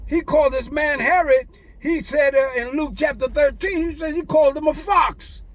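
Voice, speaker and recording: A man with a strikingly high voice preaches in a fiery, taunting rant, shouting his lines with a preacher's cadence. The sound is close and dry, with no room around it. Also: normal speed, no room sound. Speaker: online preacher.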